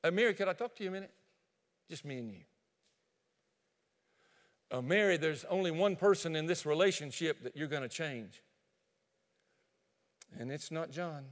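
Male pastor, sermon, animated storytelling, high voice, long hall reverb. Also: normal speed, long pauses. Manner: animated storytelling, addresses listeners directly.

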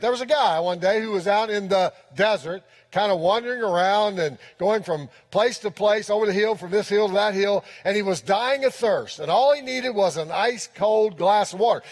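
A man with a high voice preaching a sermon with emphasis and repeating his points for weight. He is recorded in a church with a long, lingering reverb. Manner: emphatic, repeats key phrases. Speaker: pastor.

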